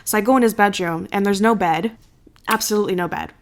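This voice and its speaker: Talking fast in a mid-range voice, a young woman from the United States co-hosts a podcast and relays a story with lively, casual energy. Profanity flows freely, and she imitates the people she describes.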